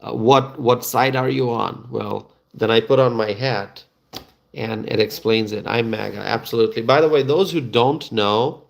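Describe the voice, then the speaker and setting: A middle-aged man, hosting a casual live stream and chatting to viewers, halting and full of fillers and restarts. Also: medium pitch, vocal fry. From Bangladesh.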